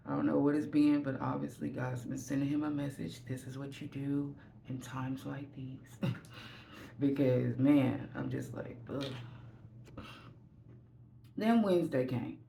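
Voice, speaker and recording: A woman's voice: very deep voice, fairly even intonation, measured pace, creaky, long pauses, mellow, a little hiss or hum. A woman vlogger telling a candid, rambling story from home while getting ready. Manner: candid, rambling, self-deprecating.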